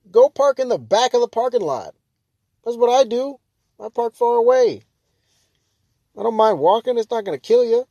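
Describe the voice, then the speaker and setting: A man's voice: very high voice, lively intonation, moderate pace, pauses often, dry recording, lo-fi sound. Exasperated young man ranting, dry sound. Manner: ranting, exasperated, jumps to loud mock shouts. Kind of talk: casual rant to camera.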